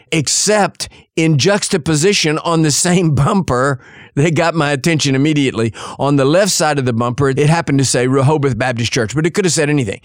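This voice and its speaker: A male preacher tells a Bible story in sermon style, with a mid-range pitch. His delivery moves between slow, deliberate phrases and quicker runs. The recording is dry and close, with no room sound. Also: no echo. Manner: storytelling, acts out quotes.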